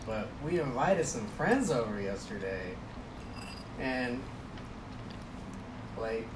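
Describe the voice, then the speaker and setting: A man's voice: mid-range voice, sing-song, slow. A young adult man co-hosting a casual chat, an easygoing storyteller who leans on lots of fillers. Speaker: podcast co-host. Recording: roomy, distant mic, noisy.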